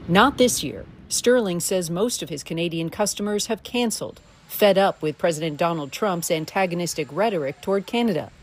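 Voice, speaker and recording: Woman reporter with a lowish voice. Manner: measured scripted delivery. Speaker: news reporter. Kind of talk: news report narration.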